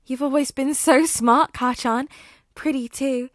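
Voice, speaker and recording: A woman's voice: sits high, fairly even intonation, measured pace, dry recording, clean studio sound, pitched above the performer's own voice. A woman voicing an unhinged, teasing villainous teenage boy in a fan audiobook reading. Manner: sing-song, teasing, unsettling.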